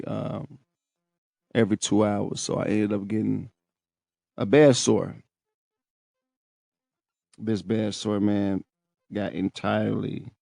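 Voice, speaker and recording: A man's voice: on the low side, creaky, warm tone, dry recording, studio quality. A young man hosting a podcast, telling a personal story in a candid, profane, emotional way. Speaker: podcast host.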